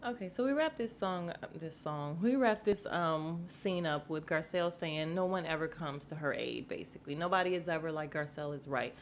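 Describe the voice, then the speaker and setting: A woman's voice: low-pitched, moderate pace, hardly any pauses, slight background noise. Sassy, blunt woman podcaster. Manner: blunt, sassy, profane, quoting people in animated bits. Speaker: podcast host. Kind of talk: casual reality TV recap.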